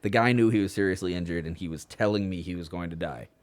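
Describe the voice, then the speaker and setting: A man's voice: deep voice, fast. A man hosting a podcast, joking crudely and telling stories in casual chat. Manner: joking, crude, tells stories with put-on voices. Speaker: podcast host.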